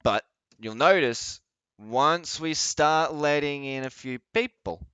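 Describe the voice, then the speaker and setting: A man's voice: fairly high pitch, slow pace, sharp tone, clean tone, dry recording. A man commentating on a clip during a casual live stream, swearing and mocking people in put-on voices. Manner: swearing, sarcastic, acts out people in exaggerated voices.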